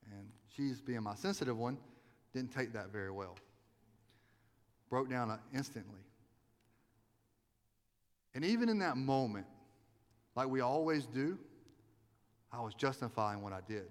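A man's voice: mid-range voice, expressive, measured pace, long pauses. A man preaching a sermon as a pastor, earnest and confessional as he tells personal stories. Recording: long reverb of a large hall.

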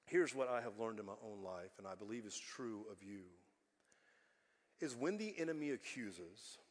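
A male pastor preaching a sermon, emphatic and repetitive, swinging between loud passages and hushed ones. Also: lowish voice, expressive, normal speed. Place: church sanctuary. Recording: long hall reverb.

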